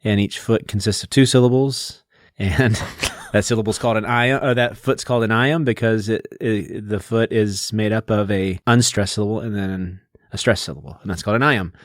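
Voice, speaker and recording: A man's voice: fairly low pitch, steady tone, moderate pace, no echo, studio quality. A man co-hosting a podcast, patiently explaining things in a casual, lecturing way. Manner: lecturing, patient, detail-heavy. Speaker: podcast co-host.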